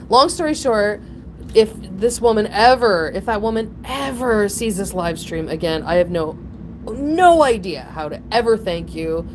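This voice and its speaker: A woman's voice: moderate pace, slight background noise. Rambling woman telling a story. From Ontario, Canada. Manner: rambling, animated, laughs often, breaks into emotional high pitch. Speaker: channel host. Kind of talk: casual storytelling chat.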